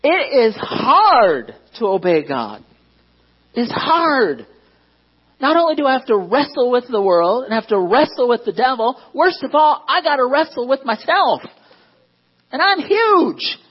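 A man's voice: very high-pitched, sing-song, a little slow, husky, dull audio. A man preaching a sermon as pastor, conversational and self-deprecating, often asking the congregation questions.

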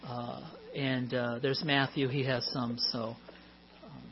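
A man's voice: mid-range voice, flat delivery, slow pace, muffled recording. A man in his fifties preaching a sermon in a church, speaking chattily and informally with many fillers. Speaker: pastor. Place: church sanctuary.

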